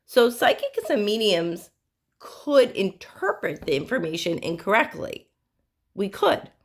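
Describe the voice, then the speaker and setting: A woman psychic medium talks earnestly to her viewers, offering spiritual advice through stories. Her voice sits a little low for a woman. She speaks directly and plainly to the listener. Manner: earnest, storytelling, direct address.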